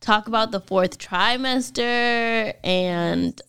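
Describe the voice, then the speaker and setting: Gravelly smooth-voiced woman host. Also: fairly high pitch, takes it slowly, fairly bright tone. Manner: rambling, laughs easily. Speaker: podcast co-host. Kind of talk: casual chat.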